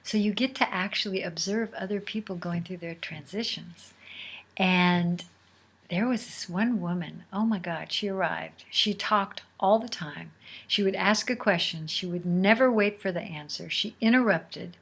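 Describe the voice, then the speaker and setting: Woman, podcast host, casual storytelling, unhurried, slips into a near whisper, mid-range voice. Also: mid-range voice, a bit bright, slightly rough.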